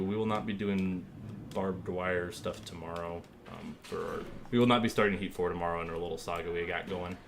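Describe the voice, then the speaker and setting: Guy streaming from his desk, lowish voice, loads of ums and likes, easygoing, faint hum behind. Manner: rambling, filler-heavy, easygoing; thanks viewers and thinks aloud while working. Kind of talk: casual live-stream chat.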